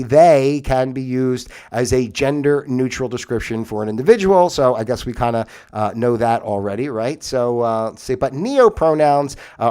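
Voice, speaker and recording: A man's voice: mid-range voice, warm tone, smooth. A man hosting a livestream, reading aloud from a web page and rambling in casual, incredulous asides. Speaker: livestream host. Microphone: webcam setup, moves on and off camera.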